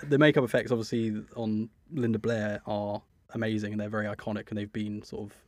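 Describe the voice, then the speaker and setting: A man's voice: on the low side, level tone, fairly quick, darkish tone, no echo. Dry, close-sounding man geeking out on film. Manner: fills with 'sort of', enthusiastic about details. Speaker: podcast co-host, film superfan. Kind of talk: casual film chat.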